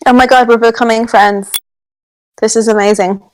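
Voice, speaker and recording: Excitable woman player, slightly high voice. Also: normal speed, no echo, poor audio. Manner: excitable, giggly, eager. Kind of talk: tabletop role-play.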